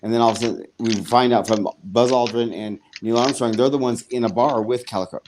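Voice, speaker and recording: An adult man co-hosting a casual podcast at a middle pitch. He rambles through a TV episode recap with animated retelling, profanity and quick acted-out asides. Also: slight background noise. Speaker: podcast co-host.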